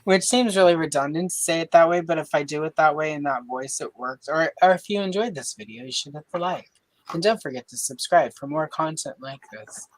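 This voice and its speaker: A woman's voice: deep voice, lightly acted, low-quality recording. A woman putting on a stiff newscaster voice. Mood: exaggerated formal. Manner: slow, stiff announcer delivery. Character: over-the-top female newscaster voice, formal and polished. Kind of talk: mock announcer sign-off.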